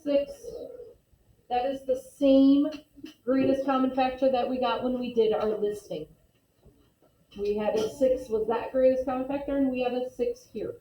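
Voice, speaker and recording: A woman's voice: high voice, steady tone, normal speed, warm tone, distant mic. A woman math teacher in a classroom, patiently explaining steps and calling on students. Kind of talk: classroom lesson. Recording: echoey classroom recorded from afar, dull lo-fi.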